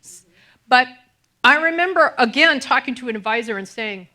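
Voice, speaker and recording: Speaking at a normal speed in a voice that sits high, a middle-aged woman minister gives a chatty sermon. She tells stories poking fun at herself, animated and laughing as she goes.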